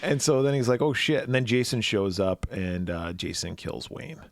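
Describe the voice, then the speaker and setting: A man co-hosting a podcast, retelling a movie plot in casual chat, swearing freely and dropping quick voiced asides. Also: lowish voice, animated, gravelly, no echo, clean studio sound. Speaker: podcast co-host.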